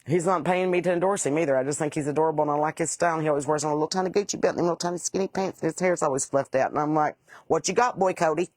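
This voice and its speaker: A woman with a low, slightly mellow voice talks at a racing pace, recorded with no room sound. She chats casually with her livestream viewers, reading comments and rambling through salty stories.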